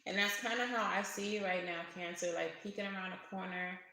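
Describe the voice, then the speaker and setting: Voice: medium pitch, steady tone, a little fast, bright, forceful tone. A tarot reader giving a casual reading to camera, chatty, laughing often and swearing now and then. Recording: very echoey room.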